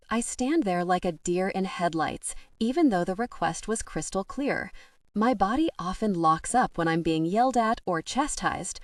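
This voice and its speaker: A woman reading a first-person romance audiobook in an expressive, even storytelling manner. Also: on the low side, normal speed, no echo, studio quality, distant mic. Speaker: audiobook narrator.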